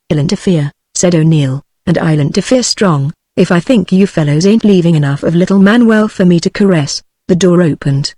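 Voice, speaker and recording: A text-to-speech voice of a woman with a British English accent, reading a novel aloud as an audiobook narrator in an even, steady delivery. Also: lowish voice, dry recording, studio quality.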